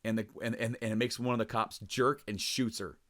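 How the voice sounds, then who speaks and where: Brisk and a bit bright, this young man's low-leaning voice keeps a fairly even intonation as he co-hosts a podcast. He rambles casually with lots of fillers and restarts, curses freely, and acts out quoted lines by raising his voice.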